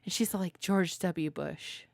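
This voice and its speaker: A woman co-hosting a podcast in casual chat, telling animated stories, acting out quotes and laughing often. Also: on the low side, takes it slowly, vocal fry, no echo, clean studio sound. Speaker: podcast co-host.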